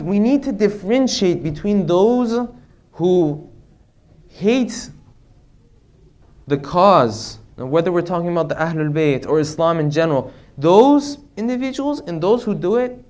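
Male religious lecturer, high-pitched, earnest, rhetorical. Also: a little mellow.

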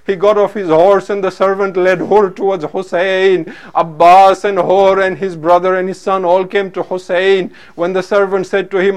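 A man's voice: high voice, flat delivery, moderate pace, hardly any pauses, clear, resonant tone. A male preacher telling a story in a sermon, solemn and weaving in Arabic phrases.

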